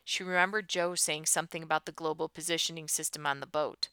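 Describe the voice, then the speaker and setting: A woman narrating a tense audiobook in a fairly low but very bright, clear voice. She keeps a steady storytelling manner. The recording is close and dry. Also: fast talker, no room sound.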